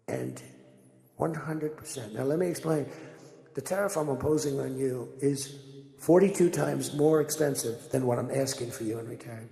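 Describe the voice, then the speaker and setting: A man's voice: medium pitch, moderate pace, vocal fry, warm tone. A man giving a rambling, boastful off-the-cuff speech, digressing and acting out conversations, in an echoey hall. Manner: boastful, digressive, acts out dialogue. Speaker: public speaker at a press event. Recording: echoey hall with long reverb.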